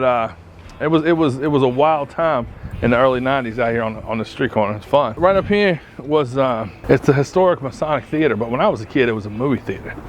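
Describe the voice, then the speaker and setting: A man telling profane, animated stories as a podcast host while walking outdoors through his hometown. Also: a little high, dull audio, a little hiss or hum. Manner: profane, animated storyteller who acts out quoted voices. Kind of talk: casual storytelling on a walking tour. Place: outdoors on a town street.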